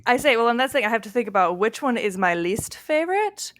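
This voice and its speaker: A woman co-hosting a casual podcast chat, talking with laughs and pausing to search for words. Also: fairly high pitch, sing-song, fairly bright tone, dry recording, clean studio sound. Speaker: podcast co-host.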